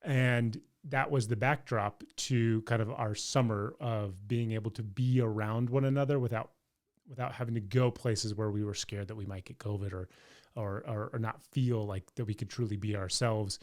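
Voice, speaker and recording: A man's voice: fairly low pitch, fairly even intonation, moderate pace, a little mellow. A man co-hosting a podcast in casual chat, earnest one moment and joking the next. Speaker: podcast co-host.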